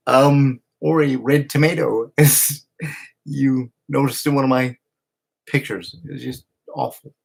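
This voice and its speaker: Into a camera, a man addresses a heartfelt personal video message to his partner. His medium-pitched voice carries vocal fry, and he speaks emotionally and haltingly, with pauses and restarts.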